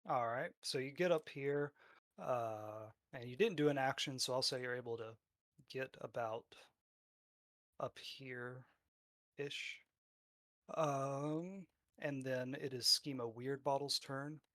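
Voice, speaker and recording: A man's voice: mid-range voice, takes it slowly, pauses often, fairly bright tone, no echo, clean studio sound. A man narrating a tabletop game as game master, describing scenes loosely with fillers.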